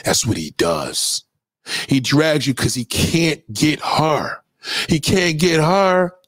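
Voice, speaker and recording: High-voiced man ranting aggressively. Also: animated, slow, a bit bright, no room sound, clean studio sound. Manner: profane, aggressive, taunting. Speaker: online commentator. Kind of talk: ranting commentary.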